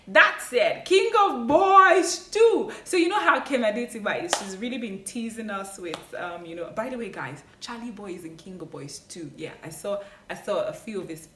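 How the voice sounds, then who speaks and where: A woman's voice: medium pitch, a bit bright, a little hiss or hum. A woman giving an enthusiastic, chatty movie review vlog, talking straight to her viewers and wandering off on side points. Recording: roomy echo, mic at a distance.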